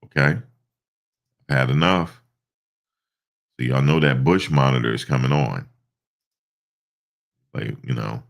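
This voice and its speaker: A man's voice: a bass voice, a little slow, gravelly, long pauses. A stuffed-up man hosting a casual live stream, rambling through stories with lots of fillers. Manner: rambling storytelling with many fillers.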